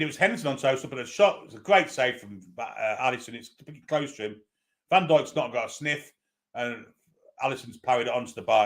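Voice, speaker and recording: Male fan commentator, steady mid pitch, partisan running play-by-play. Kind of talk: live watchalong commentary.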